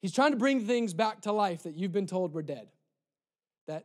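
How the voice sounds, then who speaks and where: A man preaching a sermon in church, impassioned and repetitive, dropping soft for emphasis. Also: high-pitched, sing-song, normal speed. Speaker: pastor.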